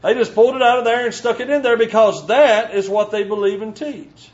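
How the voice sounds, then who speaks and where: Male preacher, high-pitched, emphatic sermon delivery, slightly dull lo-fi sound. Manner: emphatic, slows down to stress scripture.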